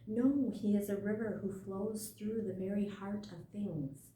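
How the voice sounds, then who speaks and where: A woman's voice: medium pitch, fairly even intonation, a little slow, dark tone, natural voice. A woman voicing an insistent thundering waterfall in a storybook, recorded in a roomy space from a distance. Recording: roomy, distant mic, faint noise.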